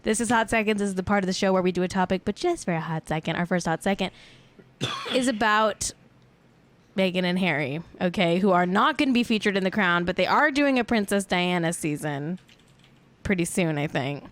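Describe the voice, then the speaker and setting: A woman's voice: fairly low pitch, expressive, brisk. A woman hosting a casual celebrity gossip livestream, playful and self-mocking. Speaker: host.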